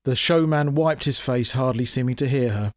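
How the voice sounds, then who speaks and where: A man reads his own comic fantasy story with wry, dramatic expression. His voice sits at a middling pitch, and the recording is close and dry with no room echo. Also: normal speed. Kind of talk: dramatic audiobook narration.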